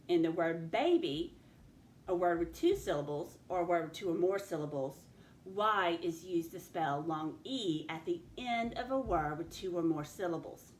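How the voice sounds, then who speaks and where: A woman teaching a spelling lesson, speaking slowly and clearly and sounding out each letter and syllable. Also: fairly low pitch. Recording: echoey room with faint ambient noise.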